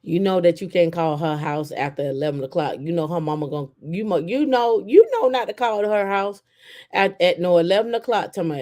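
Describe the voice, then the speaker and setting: A woman host in casual chat, telling stories in an animated way and acting out quotes. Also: lowish voice, a little fast. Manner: animated storytelling with acted-out quotes.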